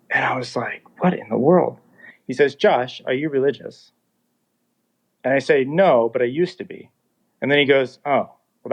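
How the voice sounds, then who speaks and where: A man in his thirties telling his own story in a casual, animated way, acting out the dialogue as he goes. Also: mid-range voice. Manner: animated, acts out dialogue in quotes. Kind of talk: casual first-person storytelling. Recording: dull lo-fi sound.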